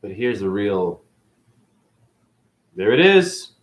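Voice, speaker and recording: A man giving a preachy, boastful spiritual monologue to camera, breaking into sudden loud outbursts. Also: medium pitch, expressive, normal speed. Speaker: self-styled spiritual teacher.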